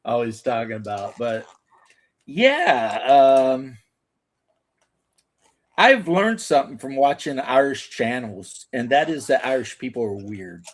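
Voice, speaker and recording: A man's voice: medium pitch, sing-song, slow. A man co-hosting a casual chat, rambling and joking with lots of mild swearing. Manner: rambling, joking, says frickin' a lot. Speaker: podcast co-host.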